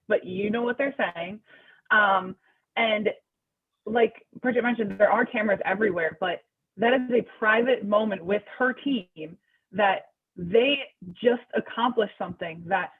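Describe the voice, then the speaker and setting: A woman basketball coach speaking on a panel over a video call, passionate and emphatic, in quick bursts. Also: medium pitch. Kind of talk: panel discussion. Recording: husky voice over a tinny phone-like call line.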